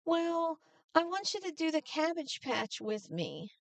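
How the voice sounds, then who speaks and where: A woman's voice: extremely high pitch, sing-song, measured pace, vocal fry, dry recording, distant mic, voice pushed up, exaggerated voice. A woman voicing her vain, brash biker-babe sister, blunt and boastful. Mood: pushy. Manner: blunt, boastful, self-absorbed.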